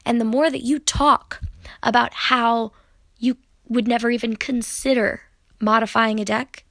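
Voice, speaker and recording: Indignant woman ranting to camera, gravelly voice. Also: a little high, fairly even intonation, unhurried, a bit bright, dry recording, studio quality. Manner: exasperated, indignant, direct address. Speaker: tarot YouTuber. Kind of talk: ranting vlog commentary.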